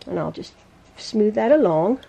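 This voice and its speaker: A woman teaching a quilting lesson in her home sewing room, chatty and quick to laugh at and correct her own mistakes. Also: medium pitch, lively intonation, vocal fry, dark tone, breathy edge. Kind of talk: casual sewing tutorial.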